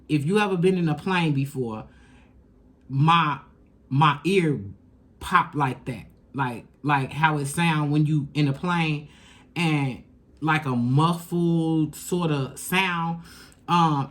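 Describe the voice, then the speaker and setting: A woman giving a casual tarot reading, talking straight to the viewer in emphatic, slangy, profane bursts that jump from loud and high to low and quiet. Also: slow. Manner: emphatic, slangy and profane, coaching the listener directly. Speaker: tarot reader.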